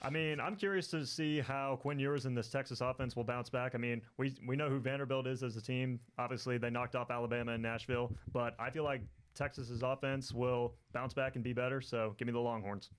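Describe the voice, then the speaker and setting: Man, mid pitch, measured, casual podcast picks. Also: fairly even intonation, smooth. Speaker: podcast co-host. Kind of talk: casual sports chat.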